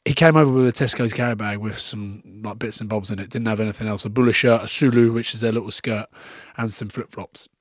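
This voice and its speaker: A man guesting on a podcast, chatting casually as an animated storyteller who laughs often. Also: fairly low pitch, fast, few pauses, no room sound, clean studio sound. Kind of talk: casual chat.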